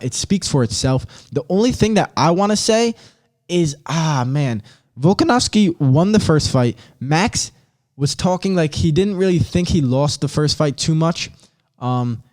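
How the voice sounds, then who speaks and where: A young man talking on his own podcast in a casual, slangy way, getting worked up as he tells a story. His voice sits a little higher than most men's. He gets excitable and animated as he goes. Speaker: podcast host. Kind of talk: casual solo podcast chat.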